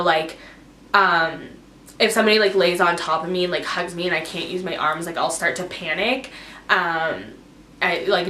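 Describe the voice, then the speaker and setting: A woman in her twenties tells a personal story to camera in a casual, rambling way, dropping "like" and "um" constantly. Her voice sits low for a woman yet sounds bright and forceful. The room gives it a noticeable echo. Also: a little hiss or hum. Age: 20s. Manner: rambling, full of "like" and "um". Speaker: vlogger. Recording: echoey room.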